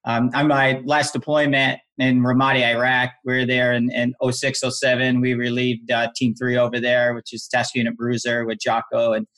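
A middle-aged man speaking as a guest on a casual interview podcast. His voice sits at a middle pitch. He tells his story earnestly and explains things step by step. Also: monotone, normal speed, few pauses, a bit bright. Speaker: guest, former Navy SEAL instructor and founder of an apparel brand.

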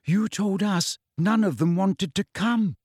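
A man voicing a frightened teenage schoolgirl witch who speaks in a shrill, anxious whisper and turns sarcastic. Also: slow, a little mellow, slightly rough, dry recording, clean studio sound, heavily acted.

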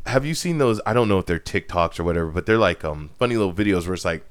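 A young man hosting a podcast, chatting casually with an expressive, sing-song delivery. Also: low voice, quick pace, noisy background. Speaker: podcast co-host. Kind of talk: casual chat.

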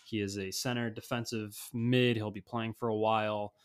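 A man's voice: on the low side, level tone, normal speed, smooth. A man co-hosting a podcast, talking sports in a rambling, casual way with many fillers and restarts. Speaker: podcast co-host.

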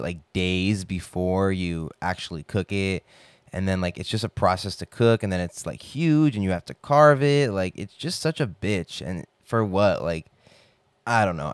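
A man's voice: low voice, dry recording. A young man rambling in a casual, profane monologue full of filler words.

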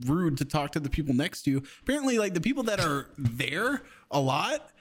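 Animated man telling stories in casual chat. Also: fairly high pitch, fairly quick. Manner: animated storyteller, acts out quotes. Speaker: podcast co-host.

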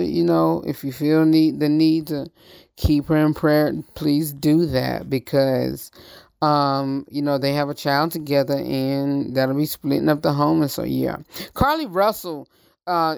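Slow, halting man hosting a show. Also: fairly high pitch, gravelly, clean tone, dry recording, clean studio sound. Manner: halting, many ums, slow and careful. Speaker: show host. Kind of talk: casual celebrity news chat.

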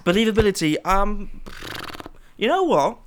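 A young man on a chat podcast talks slowly and hesitantly, filling gaps with ums. His pitch moves a lot, and clear background noise sits under his home mic. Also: very animated. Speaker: podcast co-host. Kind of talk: casual chat.

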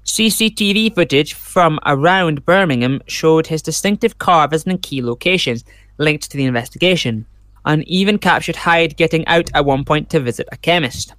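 A man's voice: a little high, moderate pace, fairly bright tone, no room sound. Chatty man with a dry close mic. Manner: rambling, reads case notes aloud with chatty asides. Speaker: podcast host. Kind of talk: casual true crime podcast chat.

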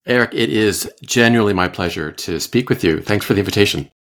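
A man in his fifties, originally from Iowa, tells how he came to the ministry with a low, settled voice. He speaks thoughtfully and pokes fun at himself, often pausing and restarting mid-sentence. He is a pastor, guest on a podcast. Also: fairly bright tone. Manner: thoughtful, self-deprecating, with frequent fillers and restarts. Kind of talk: relaxed conversational storytelling.

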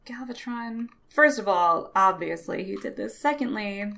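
A woman's voice: mid-range voice, animated, a little slow, creaky, fairly bright tone. A woman co-hosting a podcast, chatting casually through a comic recap, gushing and acting out the characters' lines. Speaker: podcast co-host.

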